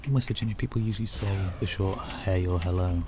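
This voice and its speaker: A deep-voiced man with a Northern English lilt close to Scouse, chatting easily with his stream chat as he plays. He rambles in a relaxed way, and there's a faint hiss with soft keyboard typing in the background. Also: quick pace. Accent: Northern English, near Scouse. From North of England. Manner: chatty and easygoing, lots of "like" and "you know". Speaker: game streamer. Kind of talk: casual chat while gaming, reading viewer comments.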